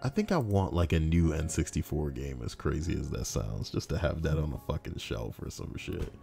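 A man's voice: extremely low pitch, very animated, normal speed, creaky, mellow, soft background music. A young man casually reading out forum posts, rambling and sarcastic, with frequent swearing. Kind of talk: casual reaction commentary.

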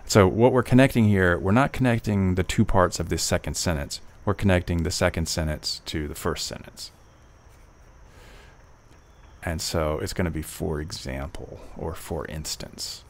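A man tutoring test prep, reading passages slowly and then reasoning aloud through each answer with fillers and restarts. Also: low voice. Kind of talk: walkthrough of test questions, thinking aloud.

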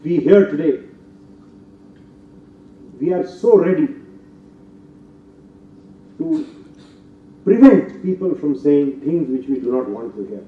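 An older man with an Indian English accent delivers a formal lecture in a fairly high voice, building to emphatic, forceful peaks. He sounds set back from the microphone in a roomy hall, and the recording is dull, with faint ambient noise. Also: recorded from a distance. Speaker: guest lecturer.

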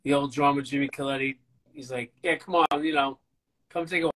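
A man, a band's bass player, telling stories in a casual, rambling, profane way during an interview. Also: brisk, low-quality recording. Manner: profane, rambling, animated storytelling.

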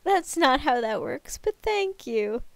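Chatty, bright-voiced woman streamer. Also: sits high, slow pace, no room sound. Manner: animated, chatty storytelling with laughs. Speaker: streamer host. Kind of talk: casual chat on a live stream.

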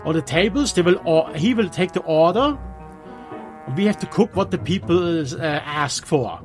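A man with a Swiss German accent, a native Swiss German speaker, giving halting gameplay commentary in English with many restarts. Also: fairly high pitch, expressive, music in the background. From Switzerland. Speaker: let's player.

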